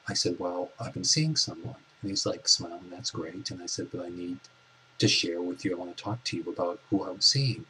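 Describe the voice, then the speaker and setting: Soft-spoken guy in his 40s telling his own story, low voice, pretty monotone, keeps restarting. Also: a little hiss or hum, low-quality recording. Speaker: vlogger. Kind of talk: personal storytelling.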